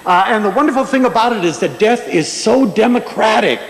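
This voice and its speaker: A man giving a humorous public lecture, telling stories in an animated, playful way. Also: high-pitched, brisk. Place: large lecture hall before an audience. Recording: echoey lecture hall.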